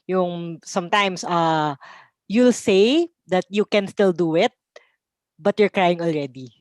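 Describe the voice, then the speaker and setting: A woman's voice: on the low side, slow, darkish tone, no echo. A woman with a Filipino accent, a teacher, speaking thoughtfully and a little tentatively on a video call. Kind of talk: casual webinar chat.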